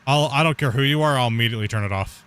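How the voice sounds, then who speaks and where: A man in the middle of a relaxed gaming session, talking off the cuff at an everyday middle pitch. He rambles, circles back on his own words and breaks into laughs as he goes. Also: rapid-fire, clean tone. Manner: rambling, repeats himself, laughs easily. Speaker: gaming streamer. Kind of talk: casual chat while playing.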